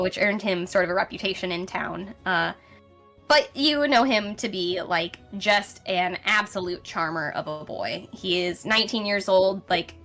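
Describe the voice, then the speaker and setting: A woman's voice: lowish voice, bright, forceful tone. Chatty woman narrating a tabletop game. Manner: casual, rambling, with many fillers. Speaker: game master.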